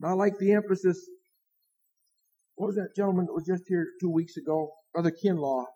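Pastor, male, high-pitched, earnest preaching with dramatic pauses, dull lo-fi recording. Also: fairly even intonation, warm tone, breathy edge. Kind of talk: evening sermon.

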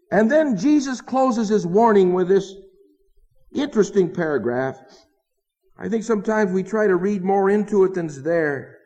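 A man's voice: sits high, lively intonation, moderate pace, warm tone. A man preaching a sermon in an earnest, emphatic way, asking his listeners rhetorical questions. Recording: dull lo-fi sound with long hall reverb.

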